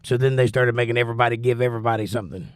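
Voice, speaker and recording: A man's voice: medium pitch, very fast, clear, resonant tone, no room sound. A man hosting a livestream, reading viewers' chat messages aloud and answering them with wry, teasing humor. He is out of breath and coughing while he recovers from the flu. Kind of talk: casual chat.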